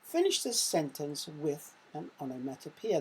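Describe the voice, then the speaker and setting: A woman with an English accent, a primary school teacher reading a quiz slowly and carefully in a recorded online lesson, giving sound words extra emphasis. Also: on the low side, big pitch swings, warm tone, breathy edge, rough recording.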